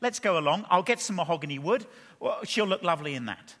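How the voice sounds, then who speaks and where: A cheerful, chummy village carpenter talks in a breezy, reassuring way, as a preacher puts him on. His voice sits high and sounds bright. A long hall reverb trails behind him. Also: lively intonation, quick pace.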